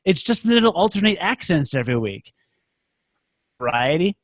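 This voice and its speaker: Rambling, higher-voiced man on a podcast. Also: big pitch swings, moderate pace, no room sound, studio quality. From United States. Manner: rambling, self-mocking, joking. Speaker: podcast co-host. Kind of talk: casual podcast chat.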